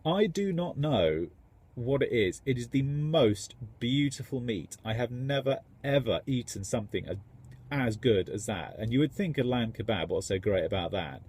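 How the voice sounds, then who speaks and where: A man's voice: mid-range voice, lively intonation, normal speed, a little mellow, slightly rough. A man, a tradesman, rambling enthusiastically in a casual vlog. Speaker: tradesman contractor.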